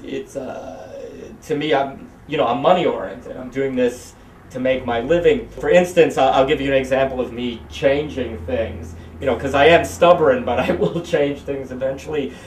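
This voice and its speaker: A man rambles through his stories in an interview, breaking into voices as he goes. His voice sits mid-pitch and sounds distant in a roomy space, with faint noise behind. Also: a little mellow. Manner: rambling, acts out voices in anecdotes. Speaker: puppeteer.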